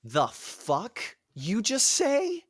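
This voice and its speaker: A man doing a whiny, high-voiced bro hero. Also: huge pitch swings, normal speed, fairly bright tone, full character voice. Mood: indignant. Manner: whiny, slangy modern bro delivery. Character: brash young male warrior hero, vain.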